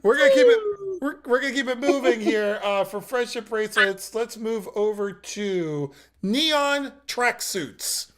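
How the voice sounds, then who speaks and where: A man's voice: high voice, expressive, a little slow, few pauses, fairly bright tone. A man hosting a live online improv comedy game, setting up the rounds and reacting to the players. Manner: upbeat, leads the game and reacts to jokes. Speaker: improv show host. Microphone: video call.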